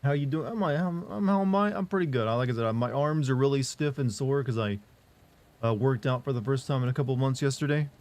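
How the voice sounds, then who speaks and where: A man's voice: mid-range voice, fast talker, darkish tone. A young man streaming live, chatting loosely and reading comments aloud, joking around with sore arms. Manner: rambling, jokey, reads chat aloud. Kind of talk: casual live-stream chat.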